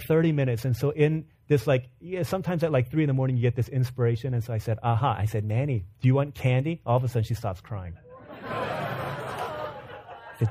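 Man preaching with a light, raised voice. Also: fairly high pitch. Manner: storytelling, animated retelling of his daughter's cries, self-deprecating humor. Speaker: pastor. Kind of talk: sermon with a family anecdote.

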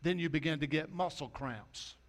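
A man preaching a sermon in a folksy way, dropping his voice low and soft for quoted lines. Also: normal speed. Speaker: pastor.

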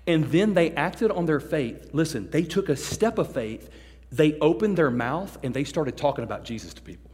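Joking, animated preacher man in a hall. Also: a little high, normal speed. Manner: animated and joking, acting out people he describes. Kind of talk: sermon to a youth service. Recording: long hall reverb.

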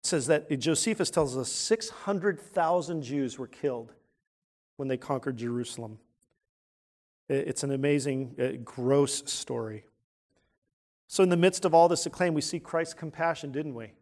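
A man preaching a sermon in an earnest way, asking rhetorical questions and swinging from quiet, hushed points to loud, emphatic ones. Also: fairly high pitch, moderate pace. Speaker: pastor.

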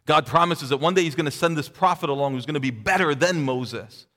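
A middle-aged man preaching a sermon, reading scripture aloud and voicing its speakers with lifted pitch. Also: a little fast, a bit bright. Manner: expository preaching, acting out quoted voices with a rising pitch. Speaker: pastor. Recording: long reverb of a large hall.

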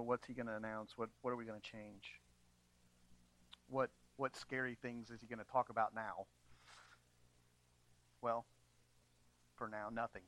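A pastor preaching a sermon to his congregation, moving from quiet, measured passages to emphatic, raised appeals. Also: mid-range voice, poor audio. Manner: earnest preaching, swings between quiet and emphatic.

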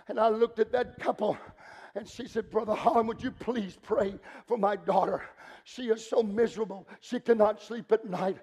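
A man preaching a sermon, swinging from loud fervent shouting to low, intense speech. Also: steady tone, moderate pace.

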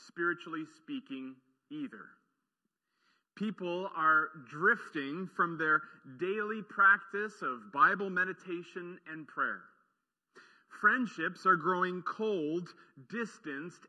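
Slow, earnest male preacher in a reverberant hall. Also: high voice, pushed and bright, breathy edge. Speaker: pastor. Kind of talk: sermon.

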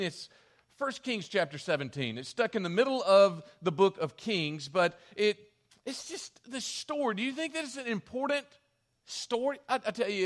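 A male pastor preaching a sermon in an animated, conversational way. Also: high voice.

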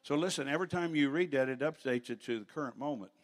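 An older man preaching a sermon in a church, telling stories with rambling asides and rising to loud preaching at times. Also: mid-range voice, fast.

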